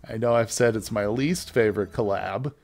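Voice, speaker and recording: A man's voice: fairly low pitch, moderate pace, a little mellow. A man giving casual, chatty gameplay commentary as a let's play host, joking with his viewers as he plays.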